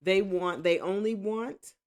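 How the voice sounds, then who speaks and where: A woman giving a casual tarot reading at home, rambling and correcting herself, with excited exclamations. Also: medium pitch, slow. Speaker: tarot reader.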